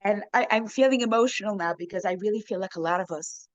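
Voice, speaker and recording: A woman's voice: mid-range voice, fast, no room sound, lo-fi sound. A woman speaks to a circle of women in a heartfelt storytelling talk, bringing the people in her tale to life with their own voices. Her voice sits in a middle register. The sound is close and dry, with little room around it. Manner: heartfelt, tells a story with quoted voices, softens to near-whisper at the end. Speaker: guest speaker.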